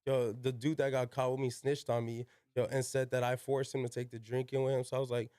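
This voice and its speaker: A man's voice: mid-range voice, level tone, brisk, a little mellow, dry recording, studio quality. A young man, a podcast guest, telling a casual story in slangy talk full of "yo", "like" and swearing. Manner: slangy, peppered with "yo" and "like", swears freely.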